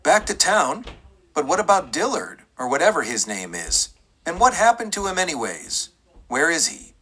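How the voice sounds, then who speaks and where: A man's voice: a little high, big pitch swings, moderate pace, sharp tone, husky, pitched above the performer's own voice, exaggerated voice. A man voicing a greedy young frontier deputy who pleads and protests in a rising voice. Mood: agitated.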